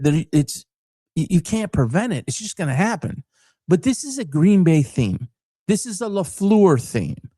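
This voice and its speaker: A passionate, fired-up former coach hosts his own sports talk commentary, hammering points through repetition and stacked phrases in emphatic, list-building rhetoric. His mellow voice sits a touch high and rises and falls with real animation. The recording is dry and close, with no room sound or echo.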